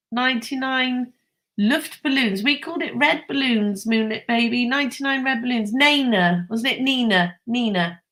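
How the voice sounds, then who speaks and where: A woman's voice: a little high, a bit bright. A woman, chatting casually with live viewers, enthusiastic and laughing often. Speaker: host.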